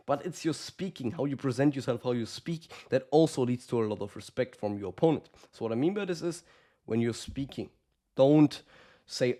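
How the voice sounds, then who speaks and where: A man's voice: medium pitch, dark tone. A man giving casual, blunt coaching advice to the camera, swearing often and calling the listener brother. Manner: acts out quoted lines of fighters. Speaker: combat sports coach.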